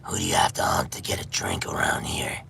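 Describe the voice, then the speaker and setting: A man putting on the voice of a gravelly male ghoul, growling in a half whisper. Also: a bass voice, monotone, brisk, bright, forceful tone, a little hiss or hum, pitched below the performer's own voice, exaggerated voice. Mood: growling banter.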